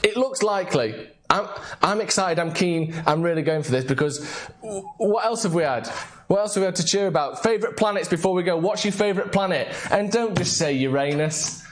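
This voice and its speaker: A man's voice: high-pitched, fairly quick. Jokey young man hosting. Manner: jokey, playful, rambling banter. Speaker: host. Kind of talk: casual live-stream chat.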